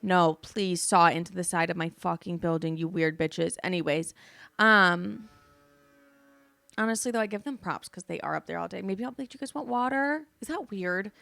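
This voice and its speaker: A woman in her twenties hosting a podcast, casually telling candid stories with frequent swearing and animated retellings. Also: fairly low pitch, moderate pace, creaky, dry recording. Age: 20s. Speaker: podcast host. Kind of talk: casual storytelling chat.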